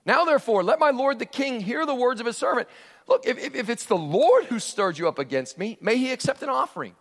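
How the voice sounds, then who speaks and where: A pastor preaching an expository sermon, animated, acting out scripture voices with big jumps in his voice. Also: high-pitched, brisk. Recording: long hall reverb.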